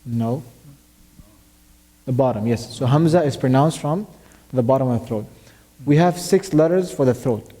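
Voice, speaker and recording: A man's voice: medium pitch, moderate pace, dark tone, big-room sound. A man teaching tajweed. He patiently explains where Arabic letters are pronounced, quizzes his student, and recites verses as examples. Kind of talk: tajweed lesson. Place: mosque classroom.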